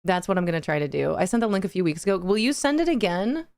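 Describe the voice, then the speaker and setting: A woman's voice: on the low side, sing-song, fast talker, creaky, darkish tone, no echo. A young woman hosting a cozy game livestream, chatting with her viewers, reading their messages aloud and laughing often. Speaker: livestream gaming host. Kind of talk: casual chat with live chat.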